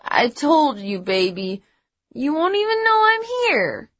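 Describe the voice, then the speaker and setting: A woman's voice: high-pitched, very animated, slow pace, fairly bright tone, dry recording, highs cut off, voice pushed up, heavily acted. A woman voicing a tipsy, cheerful young man who slurs his words in an audiobook. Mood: loose cheerful.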